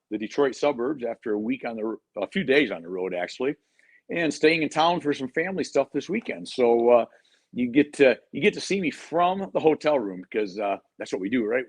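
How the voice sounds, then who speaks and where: A man hosting a live online talk show from a hotel room, upbeat and joking. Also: mid-range voice. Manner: upbeat, joking, talks over tech trouble. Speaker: host. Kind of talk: live video show chat.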